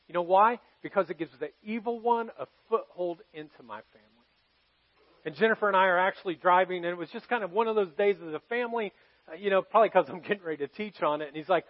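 A man preaching a heartfelt sermon in a noticeably high voice, confessing his own struggles to the congregation. He moves between ringing emphasis and near-whispered moments. The recording sounds dull and muffled. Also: fairly quick. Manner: earnest, confessional storytelling to a congregation, swinging from loud to hushed. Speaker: pastor.

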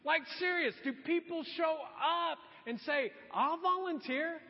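A man preaching a sermon as pastor, talking to the congregation in a lively, conversational way and acting out quotes. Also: very high-pitched, unhurried, vocal fry. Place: church sanctuary. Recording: muffled sound with long hall reverb.

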